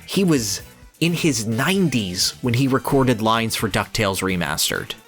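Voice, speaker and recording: An enthusiastic co-host chatting casually on a podcast, praising a favorite show. The voice swings widely in pitch and breaks into laughter often. Faint music sits in the background. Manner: gushing, excitable, quick bursts and laughter. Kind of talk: casual chat.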